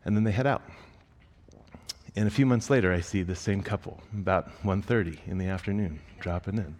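A young man on a church staff giving a sermon, moving from a slow scripture reading into a rambling, self-mocking personal story. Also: low-pitched, a little mellow. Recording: long reverb of a large hall.

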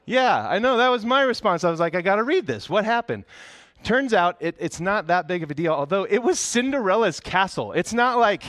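A man giving a sermon as pastor, speaking conversationally and telling stories with humor and lively bursts. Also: high-pitched, a little fast, few pauses. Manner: conversational, animated storytelling with humor.

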